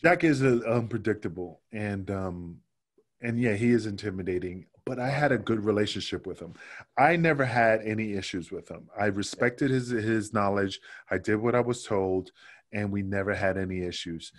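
A man's voice: lowish voice, moderate pace. A man, a former pro wrestler, telling loose, profane stories with lots of fillers as a guest on a casual podcast interview.

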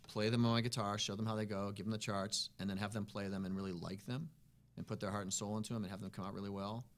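A man, a musician guest in a casual interview, telling stories in an easygoing, rambling way. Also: fairly low pitch. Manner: easygoing, rambling, peppered with "you know" and "man".

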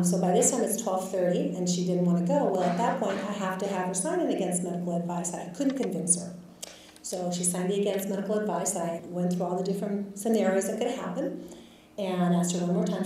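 A woman's voice: mid-range voice, mellow, a little hiss or hum. Woman physician telling a patient story. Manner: candid, reflective, with filler words. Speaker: physician guest speaker. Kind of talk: storytelling in a lecture. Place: lecture hall. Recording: echoey lecture hall, far from mic.

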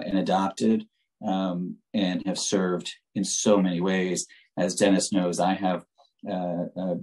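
A man chairing a city council hearing over a video call, speaking in a halting way with many fillers and restarts. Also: low-pitched, a little mellow, poor audio. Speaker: committee chair. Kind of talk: remote public hearing remarks.

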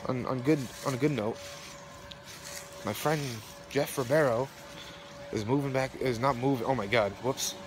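A young man films himself on his phone in the cold near traffic, shivering and swearing through a casual, rambling, heated rant. His voice is mid-range and unhurried, and the clip is full of traffic noise.

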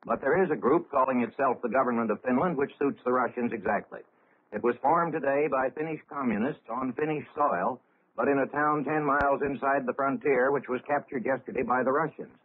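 A man reading a 1930s radio news bulletin in a measured, formal way with dry, wry asides. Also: mid-range voice, husky. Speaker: radio newscaster. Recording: tinny lo-fi 1930s radio broadcast.

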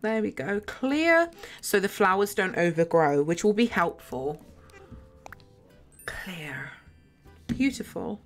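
A woman's voice: on the low side, normal speed, hardly any pauses, faint music behind. A young woman livestreaming a game from her bedroom, chatting casually and giggling as she plays. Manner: chatty, giggly, talks to herself while playing. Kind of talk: casual gameplay chat. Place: home bedroom.

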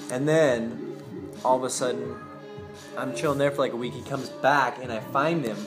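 A man's voice: medium pitch, steady tone, normal speed, music in the background. A young man from Boise telling a long, rambling story, loose and profane with plenty of slang. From Boise, Idaho. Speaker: vlogger telling a personal story.

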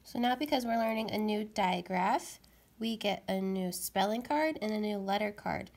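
A young adult woman teaching a phonics lesson to young children, speaking clearly and encouragingly. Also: mid-range voice, normal speed, darkish tone.

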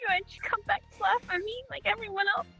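A woman playing a clingy, obsessive yandere girl in comedic virtual-world role-play, talking in a soft, plaintive, devoted way. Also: extremely high pitch, steady tone, quick pace, vocal fry, soft background music, heavily acted. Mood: hurt.

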